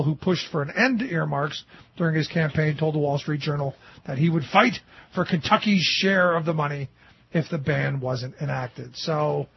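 A man hosting a political talk show, animated and sarcastic, often mocking others in a put-on voice. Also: a little high, creaky, husky, dry recording. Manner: animated and sarcastic, mimicking opponents in quotes. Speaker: talk radio host. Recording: dull lo-fi dry studio sound.

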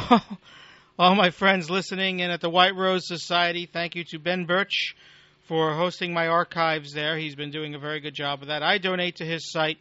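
A man hosting a talk radio show, delivering a blunt, sardonic political rant with casual swearing. His voice is bright and sits a bit high for a man. The recording is dry and close but dull and lo-fi. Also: little pitch movement, normal speed, no echo.

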